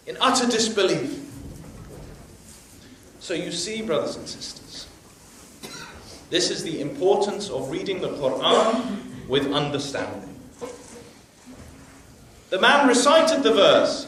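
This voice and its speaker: High-voiced male preacher in an echoey hall. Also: fairly bright tone, distant mic, slight background noise. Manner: emphatic storytelling with religious phrases. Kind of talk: storytelling sermon.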